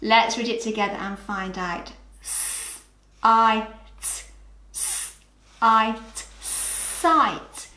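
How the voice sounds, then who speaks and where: The teacher, a woman with a British accent, speaks very slowly in a voice on the high side with a sharp tone, and the sound is reverberant. She patiently encourages children through a clear early-years phonics lesson, sounding out each letter in turn.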